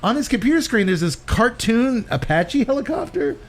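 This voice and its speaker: A man's voice: very high voice, normal speed. A man hosting a podcast, recapping a movie in casual chat with lots of laughter. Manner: animated, laughing storyteller. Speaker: podcast host.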